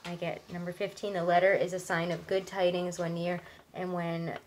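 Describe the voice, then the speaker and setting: Reading tarot, a young woman with a lowish, darkish voice and little pitch movement chats along, reassuring viewers and padding pauses with "um" and "like." The low-quality recording has a faint hiss beneath it.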